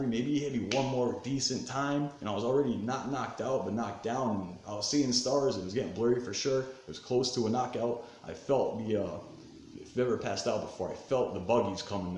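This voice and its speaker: A man in his thirties telling a rough personal story in a casual, profane way, getting heated and then calming down, recorded at home in his living room. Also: fairly low pitch. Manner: profane, animated, swings between fired-up and subdued. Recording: roomy echo, faint background noise.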